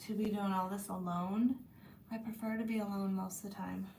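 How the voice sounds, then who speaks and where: A woman's voice: mid-range voice, steady tone, normal speed, creaky, darkish tone. A woman chatting casually to her viewers from her room, blunt and swearing freely, sore after a massage. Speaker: channel host.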